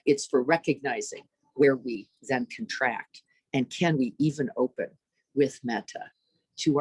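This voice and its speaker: A woman meditation teacher delivers a dharma talk in a low, slightly breathy voice, captured in a dry recording. Her delivery is lively and searching as she poses rhetorical questions to her listeners and acts out inner voices.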